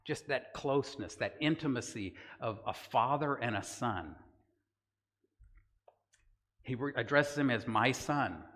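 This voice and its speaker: A man's voice: medium pitch, lively intonation, measured pace, pauses often, fairly bright tone. Older guy from socal teaching a church lesson, chatty, keeps saying "right?", big echoey hall. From Southern California. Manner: conversational, keeps asking "right?". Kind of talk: sermon-style Bible lesson.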